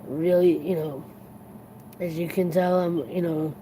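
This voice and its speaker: A tired livestream host chatting casually to viewers, earnest and reflective, rambling and halting with many restarts. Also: mid-range voice, steady tone, dark tone, slight background noise, rough recording.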